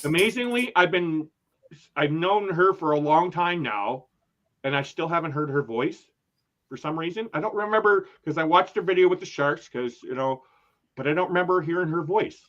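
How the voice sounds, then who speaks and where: A man's voice: fairly high pitch, lively intonation, normal speed, fairly bright tone, muffled recording. A man hosting a casual travel livestream, chatting and reading viewer comments aloud with frequent laughs. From Canada. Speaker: travel channel host.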